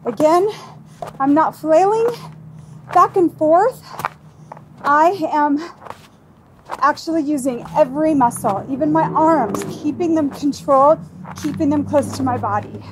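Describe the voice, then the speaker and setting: A woman's voice: high-pitched, a little slow, pauses often, background noise. A woman fitness instructor leading a workout, calling out moves and countdowns in an upbeat, coaching way while she exercises along.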